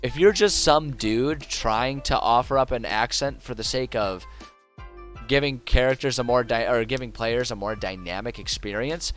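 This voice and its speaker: A man's voice: mid-range voice, moderate pace, fairly bright tone, soft background music. A young adult man from the United States, streaming and rambling through world-building notes, thinking aloud with lots of fillers and restarts. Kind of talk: casual livestream talk while world-building.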